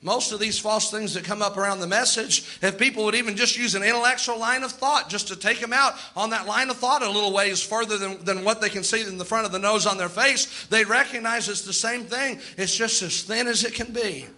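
A man delivers a sermon with a high, piercing, very bright voice. He preaches emphatically, slowing down to stress key lines and acting out the voices he quotes.

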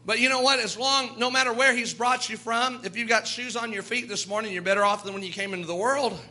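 Speaking fast, a male pastor gives a fervent sermon in a strikingly high, ringing voice. His sharp, bright tone follows a rhythmic cadence as he shifts between scripture readings and exhortation.

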